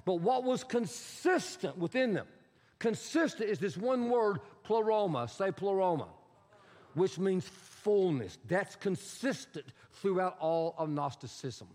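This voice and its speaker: A man's voice: high voice, animated, a little slow, darkish tone. A man preaching a sermon as pastor, teaching emphatically and repeating key words, with prompts to the congregation. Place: church sanctuary. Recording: long hall reverb.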